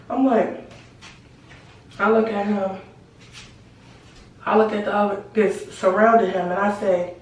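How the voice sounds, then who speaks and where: Speaking at a measured pace in a darkish mid-range voice, a teen girl vlogs a story directly to camera, cursing openly and acting out what others said. The camera mic sits far away in a heavily echoing room.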